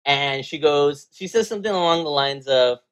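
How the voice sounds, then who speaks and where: A man, co-owner of a game store, telling a story in casual chat, animated and full of fillers, acting out what people said. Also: a little high, moderate pace, clean tone. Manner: animated storyteller, acts out quotes, many fillers.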